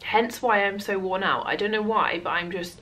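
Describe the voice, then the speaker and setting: A woman's voice: mid-range voice, normal speed, fairly bright tone, a little hiss or hum. A British woman vlogging at home in casual chat to camera, chatty and rambling, often out of breath. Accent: British English. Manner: chatty and rambling, with many fillers.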